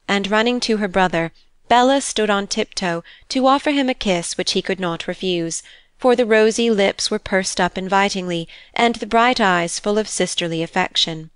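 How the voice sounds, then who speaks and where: A woman narrating a classic novel as an audiobook in a measured, expressive reading. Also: mid-range voice, clean tone, dry recording. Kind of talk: scripted narration.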